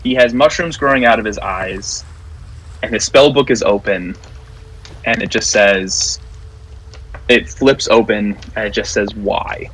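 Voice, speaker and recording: A man narrating as game master of a tabletop game, describing scenes in a halting way with many fillers. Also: fairly low pitch, fairly bright tone, poor audio.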